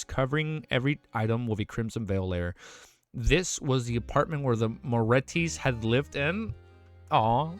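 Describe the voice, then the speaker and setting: A man hosting his channel, reading a web novel aloud and breaking off to react with swearing and emotional outbursts, stumbling over lines. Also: mid-range voice. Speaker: channel host.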